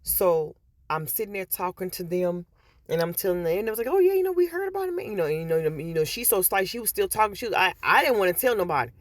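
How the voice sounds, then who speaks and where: A woman's voice: lowish voice, fast talker, dry recording. Chatty woman vlogger, dry close sound. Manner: chatty, repeats words, storytelling with quoted voices. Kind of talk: casual talk to viewers. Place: in a store.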